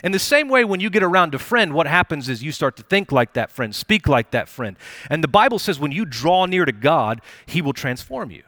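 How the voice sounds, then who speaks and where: A young man preaching a sermon in a church, talking in a conversational, animated way with playful asides. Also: on the high side, fairly quick, no echo, clean studio sound. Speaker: pastor. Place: church auditorium.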